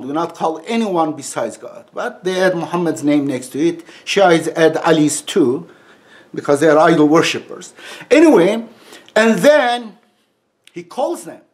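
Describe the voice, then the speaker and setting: Guy w/ high voice ranting, scornful, loose english. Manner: heated, scornful, loosely phrased non-native English. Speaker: religious commentator. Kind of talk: animated off-the-cuff talk.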